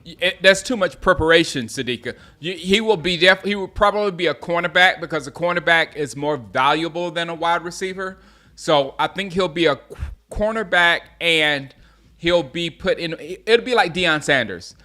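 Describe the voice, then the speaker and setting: A man from South Carolina hosting a casual live stream, chatting with viewers and reacting excitedly to plays as he reads comments aloud. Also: fairly high pitch, normal speed. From Gaffney, South Carolina. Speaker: sports livestream host.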